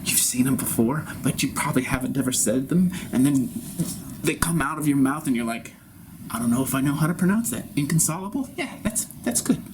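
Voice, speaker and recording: A grown man performing an improvised theatrical monologue in character, rambling and swinging between loud bursts and soft whispers. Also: mid-range voice, expressive, brisk, noisy background. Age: adult.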